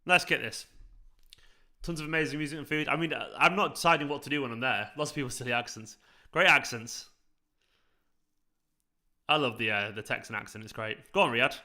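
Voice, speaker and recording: A man hosts a live football watchalong in a bright, forward voice. He chats loosely with his viewers and breaks off to react to the match. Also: medium pitch, a little fast, pauses often. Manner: chatty, reacts to the match while answering viewers. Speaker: fan channel host.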